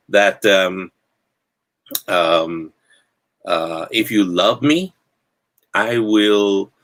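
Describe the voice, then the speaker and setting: A man hosting a talk show, speaking in a halting, reflective way with many fillers and restarts. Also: lowish voice, a bit bright. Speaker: podcast host.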